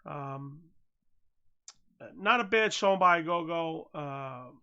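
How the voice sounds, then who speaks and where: An American podcast host giving casual, profane commentary that swings from mumbled asides to loud rants. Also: medium pitch, animated, takes it slowly, smooth, muffled recording. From United States.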